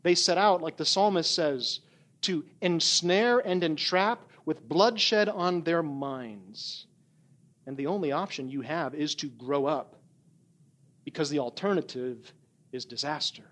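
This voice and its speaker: A man preaching a sermon as pastor, telling a story with animated emphasis and frequent "right?" asides. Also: fairly high pitch, measured pace. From not from California.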